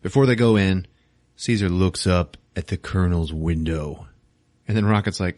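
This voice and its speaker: This podcast host's movie recap is casual and crude, punctuated by his own laughing and by him acting out the scenes. He speaks at normal speed in a low, a little mellow voice that comes across close and dry on a dry recording.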